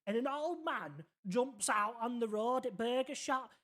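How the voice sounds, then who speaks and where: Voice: medium pitch, lively intonation, measured pace, fairly bright tone. A streamer playing a naive, rambling young man, telling a long story in character and checking the listener is keeping up. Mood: earnest rambling. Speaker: roleplay character in a city game.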